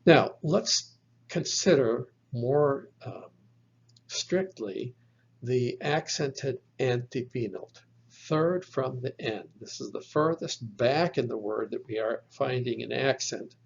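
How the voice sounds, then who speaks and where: Slow, gravelly-voiced man teaching Greek. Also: mid-range voice, lively intonation. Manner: methodical, spells out letters one by one, corrects his own slips. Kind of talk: slow explanatory lesson. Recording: dull lo-fi recording.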